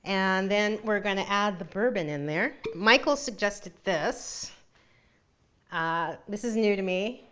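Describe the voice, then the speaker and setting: A woman's voice: mid-range voice, takes it slowly, a bit bright, clean tone, muffled recording. Giggly woman hosting a cooking show. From Northern California. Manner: chatty and giggly, laughs often. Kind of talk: casual live cooking demo.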